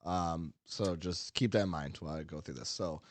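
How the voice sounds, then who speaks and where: A male podcast host chats casually at normal speed, his low voice captured with no room sound. He rambles, using many fillers and restarts, and laughs readily.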